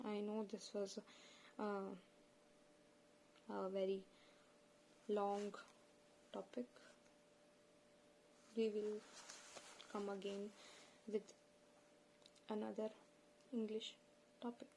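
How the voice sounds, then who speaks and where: Woman, Punjabi accent, unhurried earnest lesson host, mid-pitched voice, faint hiss behind. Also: flat delivery, vocal fry, mellow, rough recording. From India. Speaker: channel host. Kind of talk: informal spoken lesson.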